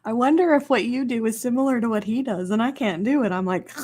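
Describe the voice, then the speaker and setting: A woman's voice: fairly high pitch, fast talker, mellow. A woman hosting an ASMR live stream, chatting casually and rambling, laughing often into a close microphone.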